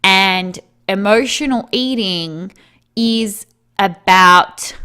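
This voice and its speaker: A woman's voice: mid-range voice, very slow, sharp tone, clear, resonant tone. Casual woman coaching on emotional eating. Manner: casual, frequent "like" and "right?", laughs between points. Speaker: weight loss coach. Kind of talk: motivational monologue to viewers.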